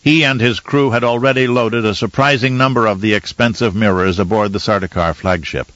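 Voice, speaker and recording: A man narrating an audiobook in a measured, steady way. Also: on the low side, no room sound, highs cut off. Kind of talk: scripted narration.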